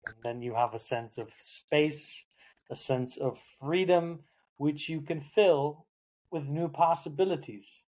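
Reflective man with a higher voice. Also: slow, a little mellow, poor audio. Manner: earnest, reflective, thinks aloud with short asides. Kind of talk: podcast conversation.

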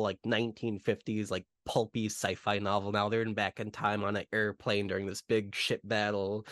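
A man's voice: lowish voice, a bit bright, no room sound. Man, podcast host, casual chat, rambling, lots of fillers, dry close sound. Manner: rambling, filler-heavy retelling of scenes.

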